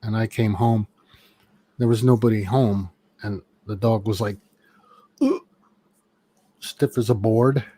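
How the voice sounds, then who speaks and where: A man's voice: lowish voice, steady tone, measured pace, warm tone. Man telling a rambling, profane story. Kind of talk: casual chat.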